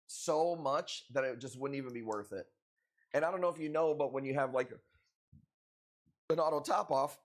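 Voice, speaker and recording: A man running a live stream, talking to his viewers in an easygoing, off-the-cuff way. He jokes and curses freely, and his pitch sits at an ordinary middle height for a man. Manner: loose, profane, joking banter with frequent laughs. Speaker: live stream host selling corals.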